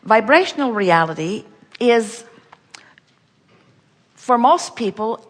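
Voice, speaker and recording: A woman's voice: on the high side, sing-song, slow pace. Emphatic woman speaking in a hall. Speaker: seminar speaker. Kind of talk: inspirational workshop talk.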